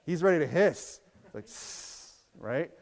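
A man delivers a sermon in a loose, chatty manner, breaking up scripture readings with asides and tag questions. His voice sits at a middling pitch. A long reverb trails each phrase, as in a church hall. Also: expressive, a little fast, a little mellow. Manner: reads scripture aloud in King James wording. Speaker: pastor.

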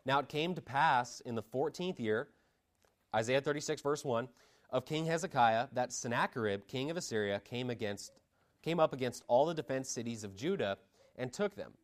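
A man preaching a sermon, reading scripture aloud and stressing points with sharp rises in pitch and volume. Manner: emphatic, dynamic pitch swings, reads scripture aloud.

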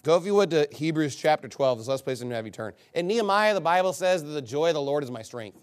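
A man preaching a sermon as a pastor, blunt and scolding, swinging between loud emphasis and low asides. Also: animated, fast talker, clean tone.

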